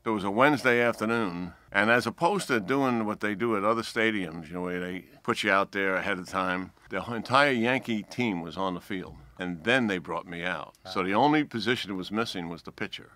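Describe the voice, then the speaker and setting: A man's voice: lowish voice, fairly quick, hardly any pauses. A man in his seventies with a New York accent, a guest telling a long anecdote and acting out the dialogue. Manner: animated storyteller acting out dialogue. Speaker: retired general, guest.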